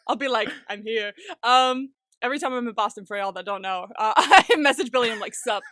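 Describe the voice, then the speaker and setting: A young woman co-hosts a podcast in loose, excitable chat, cursing freely and breaking into laughter often. Her voice sits a little high and rings bright. The sound is dry and close. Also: moderate pace, dry recording. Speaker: podcast co-host. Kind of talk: casual chat.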